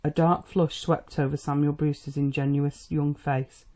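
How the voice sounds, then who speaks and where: A narrator reads a period novel aloud. The storytelling is measured and steady. The tone is mellow and soft-edged. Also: mid-range voice. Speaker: audiobook narrator. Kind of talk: scripted narration.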